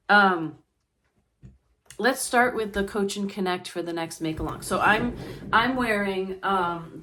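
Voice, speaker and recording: A woman with a drawl talks casually to her viewers in a slightly low voice. She rambles, restarts her sentences and fills pauses with ums. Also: a bit bright. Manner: rambling, many fillers and restarts. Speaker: yarn shop owner and crafting vlogger. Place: indoors at home.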